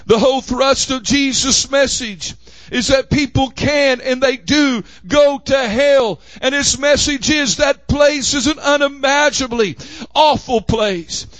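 A man with a Southern accent preaching a fiery sermon as pastor of his church, often shouting. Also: extremely high pitch, a little slow, no echo. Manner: impassioned preaching, frequent shouting. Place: church sanctuary.

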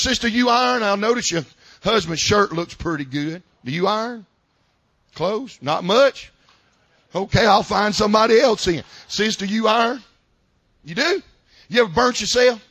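A male pastor preaching a sermon in a church service, folksy, swinging between loud shouted climaxes and quiet asides. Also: high-pitched, lively intonation, moderate pace, pauses often, dry recording.

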